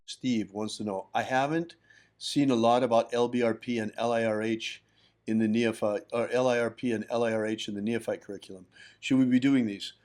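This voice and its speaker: A man's voice: mid-range voice, steady tone, brisk, darkish tone. A man hosting a livestream and giving firm, instructive teaching on ritual practice. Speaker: host, magick teacher.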